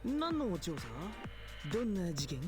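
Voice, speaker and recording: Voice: mid-range voice, big pitch swings, a little fast, lightly acted. A voice actor as a brash teasing young guy. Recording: game voice over loud music.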